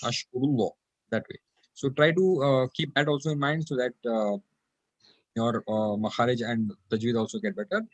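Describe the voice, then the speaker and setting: A man's voice: mid-range voice, normal speed, no room sound, poor audio. A man teaching an online class, explaining grammar patiently and repeating practice phrases aloud over a video call. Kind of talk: online Quranic Arabic class.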